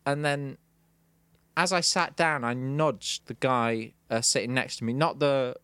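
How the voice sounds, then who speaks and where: A man's voice: mid-range voice, steady tone, unhurried, bright, forceful tone, smooth, dry recording. A middle-aged man from Manchester with a Mancunian accent, telling comic stories in a wry, sardonic way on a podcast. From Manchester, England. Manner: wry, sardonic, mocking impressions. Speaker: podcast co-host. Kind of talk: comic storytelling chat.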